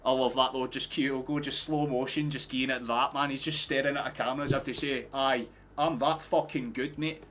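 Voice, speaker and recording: A man's voice: medium pitch, fast, few pauses, slight background noise. A young Scottish man live-streaming his reactions to a football match, chatting to viewers and swearing freely. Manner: excitable, swears often, erupts into shouting at goals.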